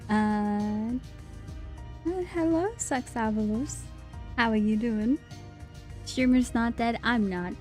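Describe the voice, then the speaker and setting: A young woman live-streaming a game, chatting in a slow, laid-back way. Her voice is mellow and fairly high, and soft music plays faintly behind her. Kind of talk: casual live-stream chat over gameplay.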